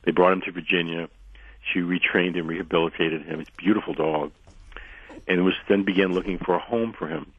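A man with a very low, husky voice tells rambling stories as a radio guest. He is losing his voice and keeps clearing his throat. He comes through a thin, dry phone line. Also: fairly even intonation, a little fast, dry recording. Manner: rambling anecdotal storyteller, frequent restarts. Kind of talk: radio interview, storytelling.

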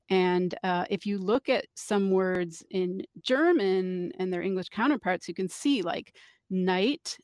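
A woman's voice: mid-range voice, clean tone, dry recording, clean studio sound. A woman linguist, a guest on a radio interview, explaining patiently and thoughtfully with small restarts.

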